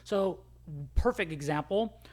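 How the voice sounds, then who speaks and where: A man who is a guest on a podcast, talking casually and acting out the people he quotes in an animated way. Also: high-pitched. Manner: rapid, animated storytelling, acting out quoted dialogue.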